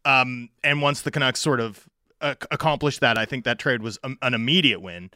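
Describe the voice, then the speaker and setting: A man's voice: medium pitch, brisk, sharp tone, smooth, no room sound, clean studio sound. A man co-hosting a casual sports podcast, chatty, stumbling over restarts and fillers. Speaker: podcast co-host.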